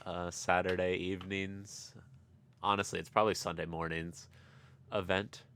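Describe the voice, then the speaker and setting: A man's voice: sits low, level tone, normal speed, a bit bright. A young man co-hosting a sports podcast, laid-back, giving short agreeing replies in casual chat. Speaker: podcast co-host.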